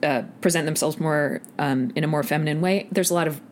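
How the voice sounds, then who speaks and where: Low-voiced woman audiobook narrator. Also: fairly quick. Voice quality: fairly deep voice for a woman. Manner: animated, demonstrates voices mid-sentence. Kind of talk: conversational interview. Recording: faint background noise.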